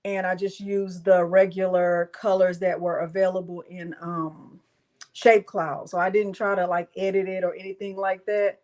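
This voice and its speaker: A woman's voice: medium pitch, steady tone, unhurried, a little mellow, rough recording. A woman hosting a casual crafting live stream from home, chatting with viewers and her dog.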